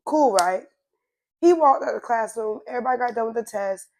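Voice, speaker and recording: A young woman tells a casual storytime to her viewers, her voice hoarse and nearly gone. She speaks in a fairly high register. She talks in an animated, slangy way and addresses her viewers directly. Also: brisk, slight background noise. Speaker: storytime vlogger.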